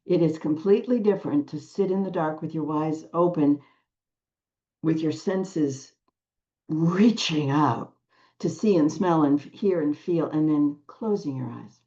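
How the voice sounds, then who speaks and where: An older woman telling a personal spiritual story to a group, slow and hushed, with long pauses and soft whispered phrases. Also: sits low, highs cut off. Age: 60s or older. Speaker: spiritual teacher.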